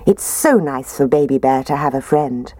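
A woman's voice: rumbling low, expressive, normal speed, dark tone, no room sound. A woman voicing a kindly, homely mother bear in a storybook reading.

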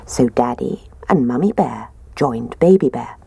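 Woman, low voice, lively storybook reading, dry close sound. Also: measured pace, vocal fry, husky, dry recording. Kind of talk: reading a children's story aloud.

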